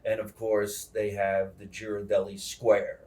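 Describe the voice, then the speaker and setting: Low-voiced easygoing male host, distant mic. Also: completely flat delivery, measured pace, darkish tone. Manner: easygoing, laughs often, explains at length. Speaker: podcast host. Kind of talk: casual podcast chat.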